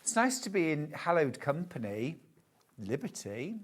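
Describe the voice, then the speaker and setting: A man's voice: mid-range voice, expressive, unhurried. A man presenting fabrics on a live home shopping show, chatty and full of enthusiasm.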